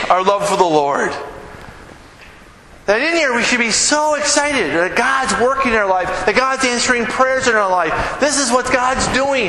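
A man's voice: extremely high pitch, pushed and bright. A male pastor preaching a sermon with lots of energy, acting out the people he quotes. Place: church sanctuary. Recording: echoey hall with room noise.

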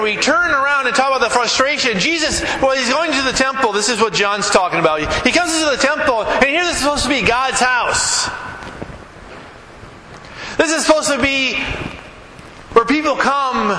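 A man's voice: very high voice, bright, forceful tone, a little hiss or hum. A middle-aged man preaching a conversational sermon as a pastor, asking the congregation questions. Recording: echoey hall with long reverb.

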